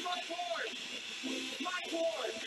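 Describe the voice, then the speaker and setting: A man hosting a live comedy show, introducing the next comedian with showy, drawn-out announcing. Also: extremely high pitch, loud music behind the voice, poor audio. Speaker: show host.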